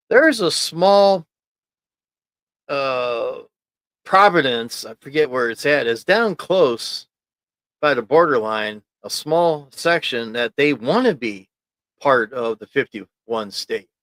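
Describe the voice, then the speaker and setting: A man with a medium-pitched voice rambles and chuckles through a casual livestream, reading viewers' comments aloud. He broadcasts from a small home office studio on a desk mic, with no room sound.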